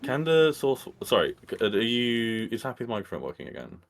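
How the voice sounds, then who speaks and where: A man's voice: medium pitch, big pitch swings, brisk, gravelly. A man on a game team's livestream, reading out viewer questions and answering earnestly with restarts. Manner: earnest, restarts sentences, reads questions aloud. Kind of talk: casual livestream chat.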